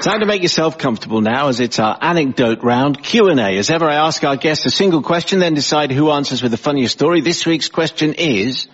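A man hosting a comedy panel show, briskly reading out scores and questions. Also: on the high side, lively intonation, a bit bright, a faint crowd, a little hiss or hum. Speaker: quiz show host. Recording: lo-fi broadcast sound.

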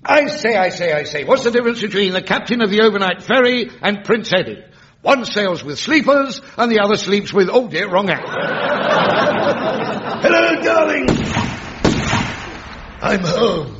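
An actor playing a bluff, plummy upper-class prince consort who cracks music-hall jokes in a comedy sketch. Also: male voice, high-pitched, big pitch swings, a little slow, long pauses. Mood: jokey. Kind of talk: comedy sketch with live audience. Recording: noisy lo-fi recording with loud audience.

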